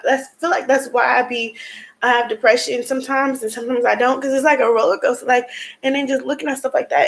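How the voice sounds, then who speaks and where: High-voiced woman venting tearfully. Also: creaky, poor audio. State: crying at times. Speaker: vlogger. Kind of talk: emotional personal vlog talk.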